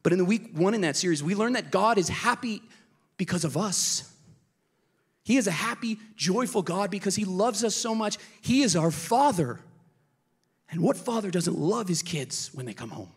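A man in his thirties preaching an energetic, emotional sermon to a church congregation, with quick asides to the listeners. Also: high voice, slightly rough. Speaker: pastor. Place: church service.

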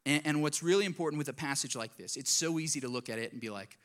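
A man's voice: on the high side, rapid-fire, few pauses. Earnest male pastor preaching. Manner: earnest, conversational preaching with direct questions to the congregation. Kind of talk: sermon.

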